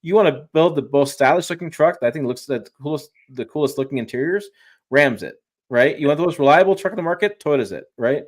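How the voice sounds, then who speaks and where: A man's voice: fairly high pitch, lively intonation, quick pace. A man speaking as a guest on a livestream, chatting casually and enthusiastically, with frequent restarts and rambling asides. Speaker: guest truck reviewer.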